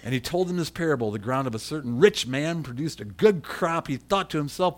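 A man's voice: on the high side, animated, a little fast, hardly any pauses. A middle-aged man preaching a sermon in a conversational way and calling on people in the congregation by name. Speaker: pastor.

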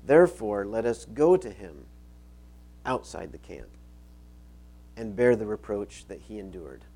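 A man's voice: lowish voice, very animated, normal speed, warm tone. A middle-aged male pastor preaching a sermon, reading scripture aloud and repeating key phrases for emphasis.

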